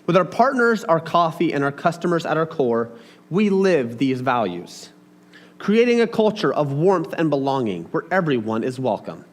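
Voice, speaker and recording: Guy preaching, casual and chatty, voice on the higher side and bouncing around a lot. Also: normal speed. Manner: chatty and animated, talks to the audience with asides. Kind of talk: casual sermon to a congregation.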